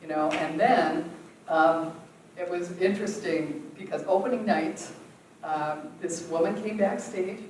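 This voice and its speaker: A woman's voice: fairly low pitch, measured pace, a little mellow. Acting teacher, woman, casual Q&A, recorded from across an echoey room. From United States. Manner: chatty, laughs often, many fillers. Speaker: acting workshop leader. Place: theatre workshop room. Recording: roomy, distant, faint noise.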